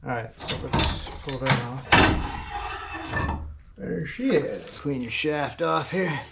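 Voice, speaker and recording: A man's voice: medium pitch, animated, slow, gravelly. A man working on a car in his repair shop, chatting casually and joking with playful rhymes. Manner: playful, rhyming wordplay and banter with his dog. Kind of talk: casual workshop vlog. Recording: noisy workshop with tool clicks.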